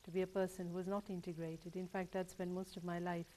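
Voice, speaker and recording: A woman guest in a studio discussion, a solicitor speaking in a measured, thoughtful way. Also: fairly low pitch, level tone, mellow, slight background noise.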